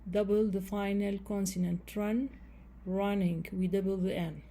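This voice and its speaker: Woman, grammar teacher, very slow delivery, mellow voice, repeats rules, spells out letters. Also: mid-range voice, breathy edge. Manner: repeats key phrases, spells out endings letter by letter.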